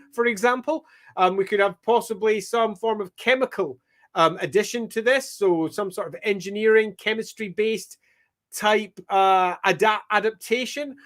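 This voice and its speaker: A Scottish man hosting a casual livestream, thinking aloud with frequent ums and greeting viewers by name. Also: sits high. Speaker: livestream host. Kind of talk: casual livestream chat while mapping.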